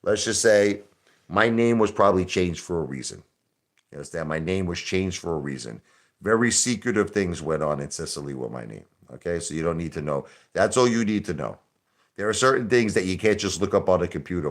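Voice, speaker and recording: A man hosting a casual live stream, talking in a brash, combative rant. His voice sits very low. He hammers his points by repeating them.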